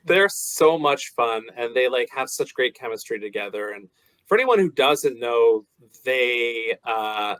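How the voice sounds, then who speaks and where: A man's voice: medium pitch, expressive, measured pace, a bit bright, clear, resonant tone, no room sound, low-quality recording. Dry-sounding male entertainment host. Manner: chatty, with frequent fillers. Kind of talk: entertainment interview and show narration.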